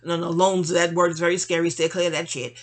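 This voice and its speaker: A woman's voice: lowish voice, fast. A woman venting to a friend in a rambling, exasperated personal monologue, full of slang and side remarks. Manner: animated, exasperated storytelling with slang and asides.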